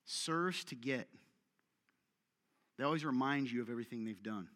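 Guy preaching, bright forceful voice, acts out little voices, lots of hall echo. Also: medium pitch, moderate pace. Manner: conversational, acts out quoted voices, jokes with the audience. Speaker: pastor. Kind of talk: sermon. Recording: long hall reverb.

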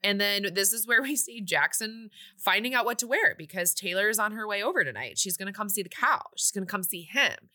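A woman in her late twenties casually recapping a movie on a podcast, chatty and quick to act out the characters' lines. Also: mid-range voice, lively intonation, bright, forceful tone. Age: 20s. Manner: chatty, acts out characters' lines, laughs often. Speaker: podcast co-host.

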